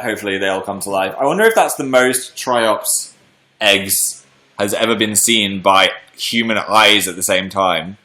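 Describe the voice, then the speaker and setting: A man's voice: lowish voice, pushed and bright. A British man hosting a livestream in casual chat, playfully reading out viewer comments and answering them.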